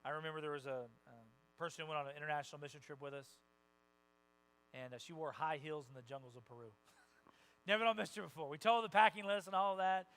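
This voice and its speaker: Animated male pastor preaching. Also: a little high, fast talker, clean tone, rough recording. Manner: animated, conversational preaching with quoted voices and sudden loud rises. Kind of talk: sermon. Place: church sanctuary.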